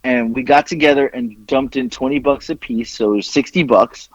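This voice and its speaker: A man's voice: medium pitch, normal speed, no echo, dull audio. A man telling a story in casual chat as podcast co-host, acting out the quoted voices as he goes.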